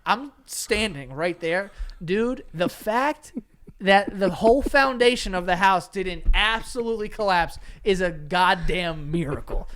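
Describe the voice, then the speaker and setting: A man's voice: high voice, measured pace, slight background noise. A young man casually telling funny family stories on a podcast, laughing often and acting out voices. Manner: animated storyteller, laughs often, acts out voices. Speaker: podcast co-host. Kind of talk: casual storytelling chat.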